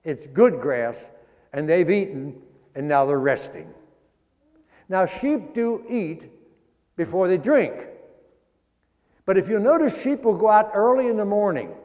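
Pastor, male, high-pitched, folksy sermon delivery, long echo of a sanctuary. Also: very animated, darkish tone. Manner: folksy, drawn-out emphasis on key words. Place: church sanctuary.

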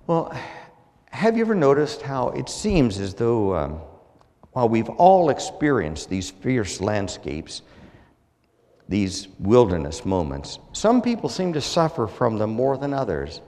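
A man preaching a sermon as pastor, measured and earnest, his phrases falling at the ends. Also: medium pitch, wildly swooping pitch, a little mellow, big-room sound.

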